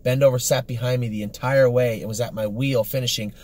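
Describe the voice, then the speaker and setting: A man's voice: medium pitch, fairly even intonation, a little fast, darkish tone. A man, a horse trainer, giving a casual, rambling report on the day's training, upbeat and full of fillers and self-corrections.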